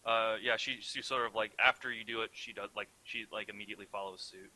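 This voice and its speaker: Bright-voiced young game master. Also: male voice, fairly low pitch, steady tone, fast talker, rough recording. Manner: hesitant, filler-heavy narration. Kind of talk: narrating a tabletop game.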